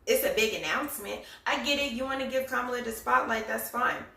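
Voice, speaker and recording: A woman rants in a casual, sarcastic, profane way, hammering her points home by repeating them. Her voice is pitched a bit high and sounds bright and edgy. She sits back from the mic in a room with a noticeable echo. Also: brisk, vocal fry, recorded from a distance. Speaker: political commentary vlogger. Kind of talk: casual ranting commentary. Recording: echoey room, voice somewhat off mic.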